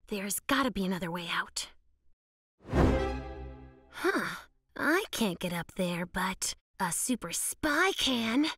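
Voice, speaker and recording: A woman voicing an eager female yeti filmmaker in a kids cartoon, talking in a lively, excitable way. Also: high-pitched, slow pace, full character voice. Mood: excited. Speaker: cartoon character. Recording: cartoon soundtrack with music.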